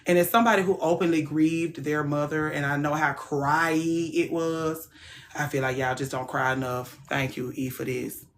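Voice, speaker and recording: Woman, livestream host, casual chat, frank, soft to loud swings, lowish voice. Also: flat delivery, moderate pace, slight background noise.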